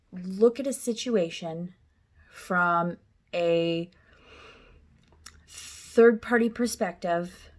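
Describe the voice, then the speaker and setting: A woman in her thirties telling a personal story, candid and emotional, often laughing through the hard parts. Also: medium pitch. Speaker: speaker sharing personal story.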